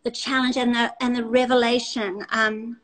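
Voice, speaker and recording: An Australian woman hosting a casual chat, effusive and full of quick restarts. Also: a little high, flat delivery, a bit bright, rough recording. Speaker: host.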